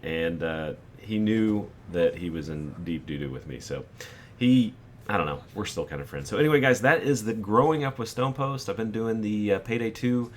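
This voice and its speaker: A man's voice: fairly low pitch, animated, moderate pace, a little hiss or hum. A man in his forties hosting a gaming channel, telling a rambling personal anecdote over gameplay and acting out the quotes.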